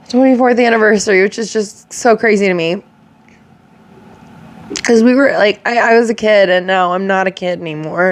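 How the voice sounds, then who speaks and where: Halting, sighing young woman vlogger. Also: mid-range voice. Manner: halting, sighing, emotional talk. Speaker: reaction video host. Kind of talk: casual reaction vlog.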